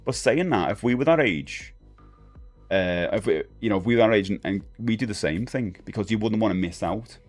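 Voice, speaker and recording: A man's voice: on the low side, lively intonation, fairly quick, soft background music. A middle-aged man hosting a live stream, rambling casually and answering chat comments. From United Kingdom.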